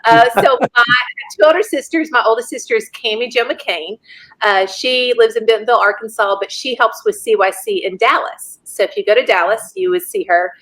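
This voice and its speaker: A woman's voice: fairly high pitch, brisk. Laughing woman telling a story. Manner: lively, laughs often while telling a story. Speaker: podcast guest. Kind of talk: casual storytelling.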